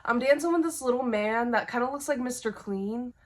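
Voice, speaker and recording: A young woman telling a personal story to camera, candid and expressive, swearing freely. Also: a little high, fairly quick. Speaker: vlogger. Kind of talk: storytime monologue.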